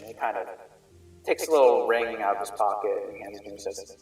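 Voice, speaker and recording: A man's voice: fairly low pitch, fairly quick. A man running a tabletop game as game master, narrating casually with plenty of fillers. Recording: roomy sound, distant mic, faint music.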